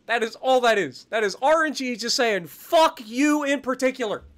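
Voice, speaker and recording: Profane, bright-voiced ranting gamer man. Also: very high-pitched, a little fast, a little hiss or hum. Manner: profane, exasperated ranting with sarcasm. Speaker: game streamer. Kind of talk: live gameplay commentary.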